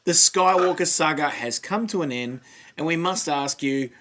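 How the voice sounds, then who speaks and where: A man's voice: on the high side, normal speed, a bit bright. A man hosting a fan podcast, chatting casually and joking in an upbeat way. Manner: jokey and upbeat. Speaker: podcast host.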